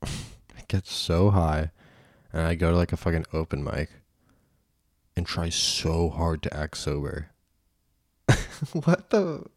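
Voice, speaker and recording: Young male podcaster, deep voice, rambling and self-mocking, crude. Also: level tone, unhurried, long pauses, no echo, studio quality. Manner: rambling and self-deprecating, swears often. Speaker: podcast host. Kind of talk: casual solo podcast monologue.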